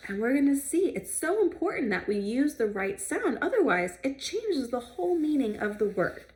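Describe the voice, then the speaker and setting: A woman speech therapist leading a children's sound practice lesson, modeling sounds clearly and giving encouraging praise. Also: high-pitched, big pitch swings. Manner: slow, clear modeling of sounds with pauses for kids to repeat.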